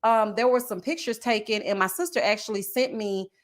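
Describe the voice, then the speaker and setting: A woman's voice: medium pitch, fairly even intonation, fairly quick. A woman giving casual, sassy reality-TV gossip commentary and reading out viewer comments, calling her audience child and baby.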